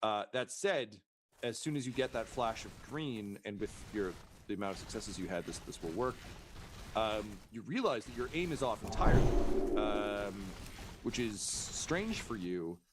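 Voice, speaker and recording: A man's voice: lowish voice, animated, normal speed. Casual male game master, noisy stream. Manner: casual, many fillers, profane. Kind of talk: narrating a tabletop role-playing game.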